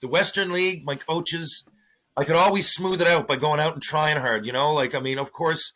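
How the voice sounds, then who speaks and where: A middle-aged man, a former hockey player, telling stories as a podcast guest in a lively, profane way, acting out what others said. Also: fairly high pitch, normal speed. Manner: animated storyteller, swears freely, acts out quotes. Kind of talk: casual storytelling interview.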